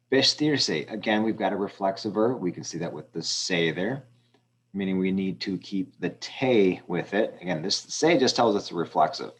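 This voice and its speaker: A male teacher with a notably low, deep voice walks students through practice exercises in a screen-recorded lesson. He talks in a relaxed, unscripted way, filling pauses with ums as he explains each step. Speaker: Spanish teacher.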